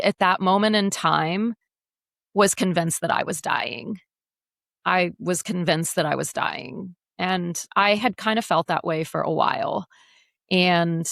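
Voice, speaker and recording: A woman in her forties, an educator speaking as a podcast guest, telling her story in a frank, animated, often profane way. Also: low voice, vocal fry, no echo, clean studio sound. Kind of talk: candid casual interview.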